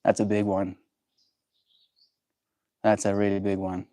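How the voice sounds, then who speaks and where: A man hosting a livestream, chatting with viewers and musing slowly and gently about emotions. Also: lowish voice, monotone, no room sound. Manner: gentle, musing, thoughtful pauses. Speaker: livestream host. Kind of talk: reflective livestream chat.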